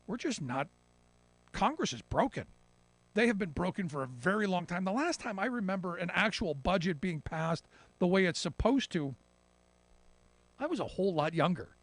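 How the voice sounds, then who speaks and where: Radio commentator, male, higher voice, mocking and animated, dry booth. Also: no room sound. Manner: animated, mocking imitations of politicians. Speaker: political commentator. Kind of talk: radio talk show commentary.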